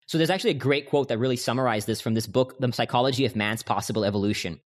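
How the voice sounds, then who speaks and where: A man speaking at a fast clip as an interview guest. He is earnest and explains his points through personal stories and quotations, with a voice in a middling register. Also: medium pitch. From United States. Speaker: podcast guest, author. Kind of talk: conversational interview.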